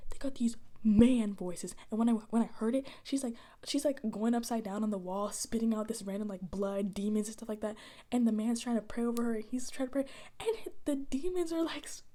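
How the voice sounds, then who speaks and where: A young woman rambles through a soft-spoken ASMR chat, full of slang and easy asides. Her voice is mellow and rounded, and she keeps dropping into breathy whispers between stretches of quiet talk. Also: fairly high pitch. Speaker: ASMR creator.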